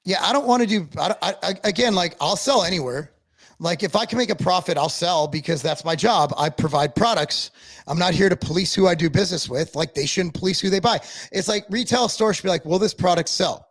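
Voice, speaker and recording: Guy with a kinda high voice ranting on a stream, swears a lot, tripping over his words, dry close mic. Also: fairly bright tone, no room sound. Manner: blunt, profane, rapid rambling with restarts. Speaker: podcast co-host. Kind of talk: casual chat.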